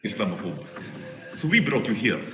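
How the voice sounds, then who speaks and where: A man's voice: on the low side, big pitch swings, moderate pace. A man playing a pompous interviewer with a Russian accent and a lisp. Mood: mock-serious. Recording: hall reverb with music behind.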